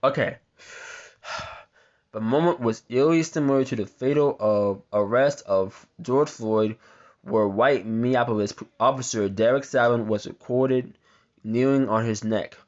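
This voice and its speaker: On a muffled recording, a man with an unhurried, mid-range voice rants through a news article reaction, swearing heavily and tripping over his words while reading it out.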